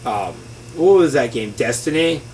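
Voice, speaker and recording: A man chatting casually as a guest about video games, excitable and profane, sometimes shouting as he acts out other players. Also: mid-range voice, measured pace. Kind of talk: casual chat. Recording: voice a bit far from mic, faint noise.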